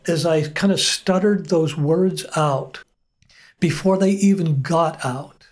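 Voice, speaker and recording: Middle-aged male pastor, guest: slow, earnest testimony, voice sits a bit high. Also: a little mellow. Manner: earnest, unhurried storytelling with frequent pauses. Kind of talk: personal testimony in conversation.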